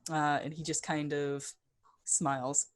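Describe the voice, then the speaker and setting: A woman narrating as game master in a tabletop game, pausing often with ums and uhs. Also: sits low, little pitch movement. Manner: hesitant, lots of ums and uhs.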